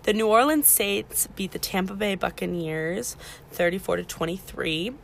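Chatty woman with a gravelly low voice. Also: a little hiss or hum. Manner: chatty, self-correcting, teaching beginners step by step. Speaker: podcast host. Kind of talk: casual explainer podcast.

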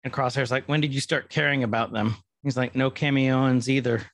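A man's voice: mid-range voice, steady tone, a little fast, fairly bright tone, no room sound. A man co-hosting a casual podcast, chatting and joking as he recaps an episode. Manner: playful, jokey, retells scenes. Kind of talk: casual chat.

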